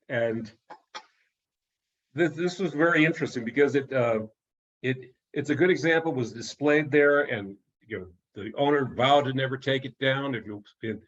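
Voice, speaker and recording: A man's voice: medium pitch, a little slow, pauses often, fairly bright tone, highs cut off. A man giving an online talk as an author, telling anecdotes in a chatty way, often restarting and chuckling at his own stories.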